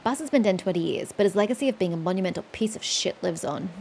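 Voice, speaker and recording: A woman's voice: mid-range voice, lively intonation, fast talker, creaky, a little mellow, slight background noise. A woman voicing a blunt, bitter male townsman who curses about old grudges. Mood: grumbling. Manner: blunt, cursing.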